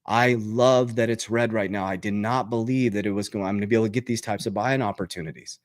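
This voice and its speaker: Hosting a crypto and investing channel, this man gives a motivational talk on investing, speaking fast with fairly even intonation. He's emphatic and repetitive, getting fired up, his pitch jumping on punchlines as he keeps asking "okay?". The studio sound is clean, with no echo.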